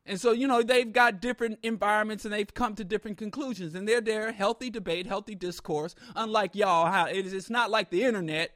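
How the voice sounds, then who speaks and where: A man telling a humorous story in an animated, comic way with exaggerated asides. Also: sits high, fairly quick, few pauses, no echo, studio quality.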